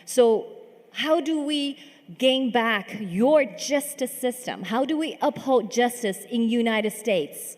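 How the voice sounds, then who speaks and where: A woman moderating a panel, asking questions in halting, slightly broken English. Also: fairly high pitch, lively intonation, darkish tone. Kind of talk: hosting a panel discussion. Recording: long reverb in a big hall.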